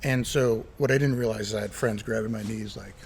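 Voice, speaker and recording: In a former airport terminal by a runway, a middle-aged man who once worked as an air traffic controller and pilot tells stories as an interview guest. His lowish voice runs a little fast with vocal fry, and he animatedly acts out quoted dialogue.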